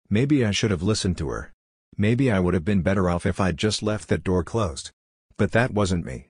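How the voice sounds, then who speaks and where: A man narrating a first-person horror story in a measured, somber way. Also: sits low, lively intonation, darkish tone, husky, no room sound, studio quality.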